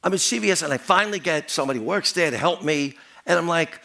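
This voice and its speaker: A man's voice: fairly high pitch, quick pace, gravelly, heavily acted. Man playing a rambling paranoid pun-cracking guy. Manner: rambling, jumps between topics, deadpan puns. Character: rambling, paranoid married man chatting up a worker. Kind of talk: stand-up character monologue.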